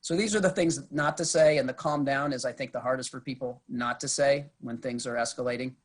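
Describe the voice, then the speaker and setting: A man's voice: medium pitch, steady tone, a little fast. Man, police officer, conversational, acts out quotes, video call presentation. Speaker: police officer giving a training talk. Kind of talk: presentation to a review board.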